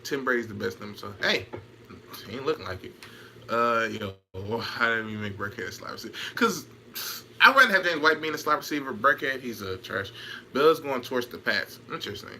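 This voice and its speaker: A man's voice: medium pitch, lively intonation, fairly quick, bright, forceful tone, a little hiss or hum. A man in casual chat on a stream, trash-talking, laughing and repeating himself while answering comments.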